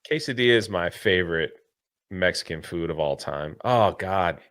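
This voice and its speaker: A man's voice: sits low, expressive, normal speed, fairly bright tone. A man co-hosting a podcast, chatting casually and telling stories in a wistful, self-pitying way. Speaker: podcast co-host. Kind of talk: casual chat.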